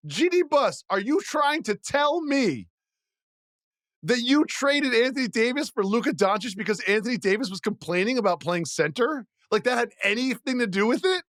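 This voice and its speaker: A man co-hosting a sports podcast, talking casually in an animated, disbelieving way and laughing through his rants. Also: extremely high pitch, moderate pace, no echo, studio quality. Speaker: podcast co-host.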